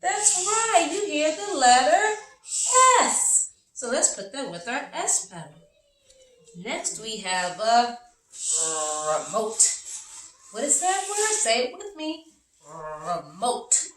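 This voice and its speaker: A woman teaching phonics to young children, slow and encouraging, sounding out letters with exaggerated care. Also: high-pitched, very animated. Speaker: early-learning teacher. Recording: roomy, from a distance.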